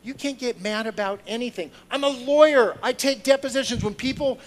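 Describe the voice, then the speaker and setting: A man giving a sermon through personal stories, moving from hushed storytelling to loud, excited preaching before a congregation. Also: very high voice, fairly quick, poor audio. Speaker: lay speaker. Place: church sanctuary with a congregation.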